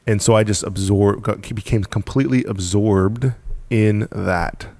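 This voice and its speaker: A man's voice: on the low side, fairly even intonation, a little slow, gravelly, darkish tone, no echo. A man telling a guest's story about starting his business, emphatic and repetitive, with frequent laughs. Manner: emphatic, repeats words, laughs often. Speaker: podcast guest, business founder. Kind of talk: casual storytelling.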